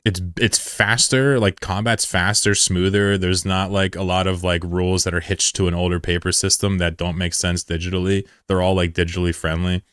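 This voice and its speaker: Young male streamer, deep and dry, loose, profane banter. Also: flat delivery, moderate pace, hardly any pauses, a bit bright, smooth, dry recording. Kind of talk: casual live-stream chat.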